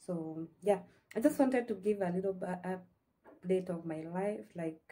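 A woman's voice: on the low side, measured pace, dark tone. A woman with a Kenyan accent chatting to her viewers in a casual, heartfelt vlog, dropping in Swahili phrases. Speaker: vlogger. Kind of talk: casual chat to camera.

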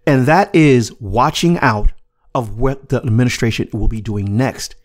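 A man's voice: medium pitch, unhurried. A man hosting a casual commentary podcast, talking emphatically with repeats and swearing. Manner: emphatic, repetitive, profane. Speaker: podcast host.

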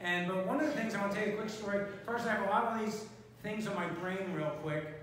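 A man's voice: sits high, quick pace, a bit bright. A man speaking as a pastor, giving casual announcements and a short sermon, chatty and rambling with lots of fillers. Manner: conversational, rambling with many fillers. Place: church sanctuary. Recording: echoey sanctuary from a distance, faint noise.

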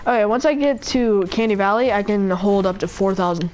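A young woman streaming a game, chatting casually and rambling with lots of "like," mocking herself, her voice going a little hoarse. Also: mid-range voice, brisk, a little mellow. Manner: rambling, self-mocking, peppered with "like". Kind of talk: casual live-stream chatter while gaming.

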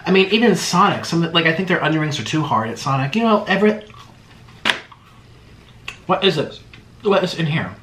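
A man's voice: on the high side, moderate pace, long pauses, a little hiss or hum. A man hosting a casual eating vlog, gushing and exclaiming over each bite. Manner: excitable, gushing, full of exclamations. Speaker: mukbang host. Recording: roomy echo.

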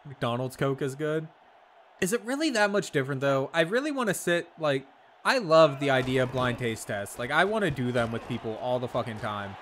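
A man's voice: mid-range voice, very animated, brisk, fairly bright tone, a little hiss or hum. A man streaming a video game, chatting casually with viewers, laid-back and profane, laughing often. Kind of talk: casual chat while gaming.

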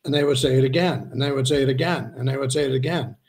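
A man, a spiritual healer, earnestly explaining his ideas in a conversational interview, slowing down to stress points. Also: mid-range voice, darkish tone. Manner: earnest, slows down to stress points, acts out quoted voices.

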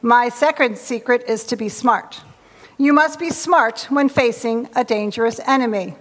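A woman's voice: a little high, normal speed, fairly bright tone. A woman voicing a wise old grandfather toad while reading a storybook to children in a church hall.

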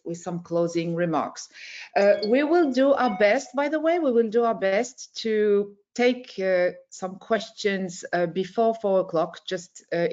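Hosting a webinar over video call, a woman with a medium-pitched, somewhat dark voice gives hesitant opening remarks full of filler sounds. The audio sounds dull.

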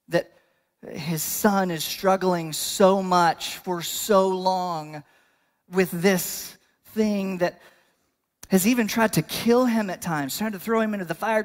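Man preaching a lively sermon. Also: high-pitched. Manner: conversational preaching with bursts of emphasis. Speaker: pastor.

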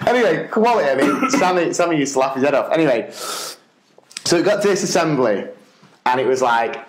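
A man's voice: a little high, lively intonation, a little fast, reverberant, slight background noise, rough recording. A man co-hosting a podcast, telling a school anecdote casually and laughing often as he goes. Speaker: podcast co-host and teacher. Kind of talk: casual storytelling.

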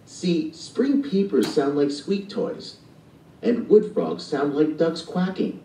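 A man's voice: on the high side, animated, takes it slowly, dark tone, a little hiss or hum, voice pushed up. A man voicing an eager young boy who is obsessed with frogs, in a recorded storybook reading. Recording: distant and echoey playback.

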